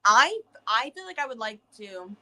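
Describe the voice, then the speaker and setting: A woman's voice: a little high, sing-song, normal speed, bright, forceful tone. A woman co-hosting a book club stream, rambling casually with restarts and a slight Southern turn of phrase. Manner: rambling, restarts, many fillers.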